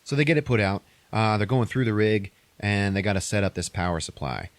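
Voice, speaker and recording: Man, podcast host, low voice, casual movie recap, heavy swearing, dry close sound. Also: fairly quick, no echo. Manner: profane, animated retelling with put-on quotes.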